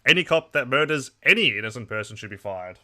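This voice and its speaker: A man's voice: medium pitch, animated, fast, sharp tone. A young man with an Australian accent carrying a trace of English, chatting casually on a political live stream and rambling through responses to his chat. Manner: rambling, reacting to chat messages.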